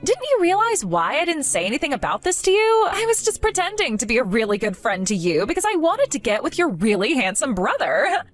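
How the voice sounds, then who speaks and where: A woman voicing a spiteful young woman who mocks and belittles a former friend, in an animated story. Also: sits high, fairly quick, soft background music. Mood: mocking. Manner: mocking, condescending.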